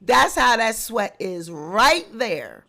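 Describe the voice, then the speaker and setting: A woman's voice: a little high, very animated, slow, gravelly, very noisy. A woman vlogger giving emphatic, mocking gossip commentary.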